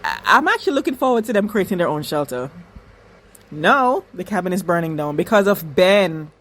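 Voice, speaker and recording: A woman's voice: lowish voice, animated, moderate pace, fairly bright tone. A woman reviewing a TV episode in a casual reaction video, talking back at the screen emphatically, repeating herself and cursing freely. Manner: emphatic and repetitive, swears freely. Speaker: reaction vlogger.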